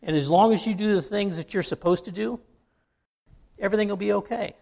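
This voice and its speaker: A man delivering a sermon in an easygoing, conversational way. His voice sits a little high and carries a gravelly fry. He jokes with his congregation and often stops to restart a phrase. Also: fairly quick, a little mellow. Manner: folksy, joking, with frequent restarts. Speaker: pastor.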